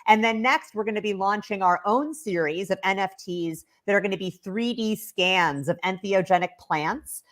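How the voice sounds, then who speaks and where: A woman's voice: mid-range voice, normal speed, few pauses, fairly bright tone. A woman speaking as a guest on a livestreamed panel, enthusiastic and promotional, with plenty of ums along the way. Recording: online video call.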